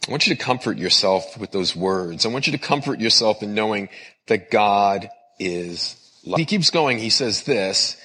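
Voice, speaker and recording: A man's voice: mid-range voice, sharp tone, husky, in a large hall. A man preaching a sermon as a pastor and counselor, earnest and repetitive in his cadence.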